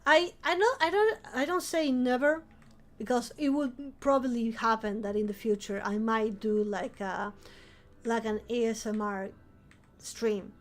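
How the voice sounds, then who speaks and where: High-voiced streamer woman. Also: a little slow. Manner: rambling, chatty, with frequent laughs and restarts. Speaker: vampire-themed streamer. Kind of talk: casual live-stream chat.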